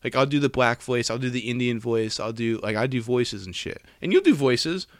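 A man's voice: mid-range voice, lively intonation, fairly quick, no echo, studio quality. Young man rambling in casual podcast chat. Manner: rambling, restarts, laughs a lot. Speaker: podcast co-host.

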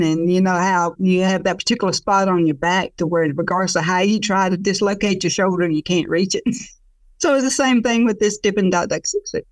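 A woman storyteller telling a traditional tale in an expressive, conversational way, laughing along with it. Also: mid-range voice, no room sound, distant mic.

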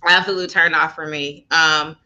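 A woman co-hosting a podcast, telling a travel story in an animated, profane, laughing way. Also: low-pitched, moderate pace, lo-fi sound. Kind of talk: casual storytelling chat.

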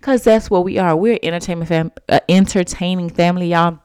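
Lady rambling on her podcast, smooth lowish voice, dry close mic. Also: brisk, darkish tone, no room sound. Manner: chatty, rambling, uses "y'all" and "you know"; eating and sipping tea while talking. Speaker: podcast host. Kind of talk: casual solo podcast chat.

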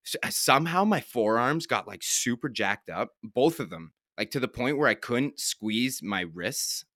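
A man's voice: mid-range voice, lively intonation, measured pace, sharp tone, no echo, clean studio sound. A young man, a pro hockey player, telling stories in a laid-back, profane way on a podcast and laughing as he goes. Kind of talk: casual storytelling chat.

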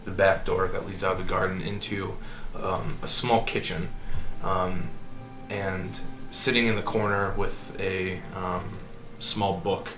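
A man narrating a tabletop game as game master in a relaxed, halting way with many fillers. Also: low-pitched, echoey room, music in the background.

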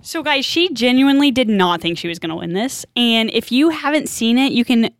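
Woman podcast host, chatty and bubbly; clean, smooth voice, dry booth sound. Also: on the high side, expressive, fairly quick, dry recording. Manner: bubbly, chatty, many filler likes. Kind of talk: casual chat.

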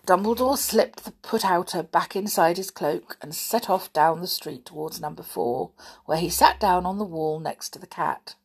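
A woman narrating a storybook aloud in a soft, breathy manner that often drops to a whisper. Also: fairly low pitch, normal speed. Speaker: storybook reader. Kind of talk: slow audiobook narration.

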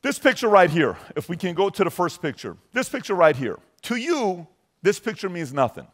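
A man in his forties, from Iran, giving a motivational talk to a live audience, emphatic and questioning the crowd directly, turning soft for personal stories. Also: high-pitched, big pitch swings, moderate pace. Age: 40s. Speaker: motivational speaker.

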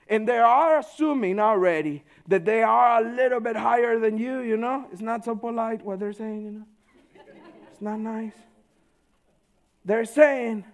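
A man giving a conversational sermon, informal and full of "you know", swinging between loud stretches and hushed ones. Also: sits high, expressive, a little slow. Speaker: preacher.

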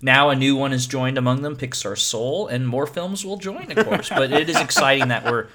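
An upbeat man hosting a casual film podcast. He chats easily with his co-hosts and laughs often, in a voice of ordinary middle pitch. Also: moderate pace, a loud crowd. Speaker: podcast host.

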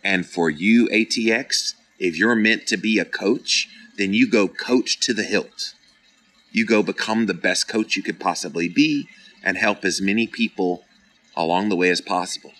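Reading live comments aloud, a middle-aged podcast host gives a casual motivational talk, earnest and encouraging with a playfully dramatic streak. He speaks at a moderate pace in a low, somewhat bright voice over poor audio.

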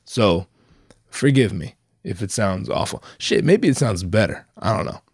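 Sick and a bit nasal, a young solo podcaster swears and pokes fun at himself in a wandering monologue over headphones and a microphone. He speaks unhurriedly in a lowish, expressive voice with a breathy edge, recorded dry in a clean studio.

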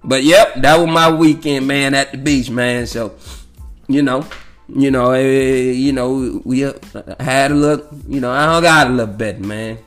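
A man's voice: medium pitch, fairly even intonation, a little slow, a bit bright, soft background music. A man telling a rambling, profane story in a casual monologue, laughing often and leaning on fillers.

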